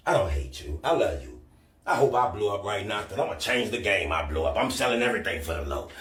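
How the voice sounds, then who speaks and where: A man on a live stream delivering a loud, profane rant, scolding and repeating himself for emphasis. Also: low voice, big pitch swings, quick pace, reverberant.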